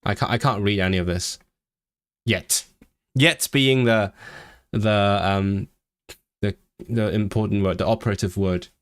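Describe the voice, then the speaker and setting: Streamer, male, lowish voice, dry close sound; loose, rambling chat full of restarts. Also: unhurried, pauses often, dry recording. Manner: rambling, self-interrupting with repeated words. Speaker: language-learning streamer. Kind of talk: casual livestream chat.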